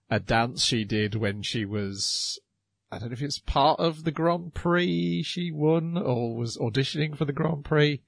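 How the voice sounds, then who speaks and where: A man's voice: mid-range voice, gravelly, dry recording. A man in casual podcast chat, explaining background details of an episode he looked up. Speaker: podcast co-host. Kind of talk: casual chat reviewing anime.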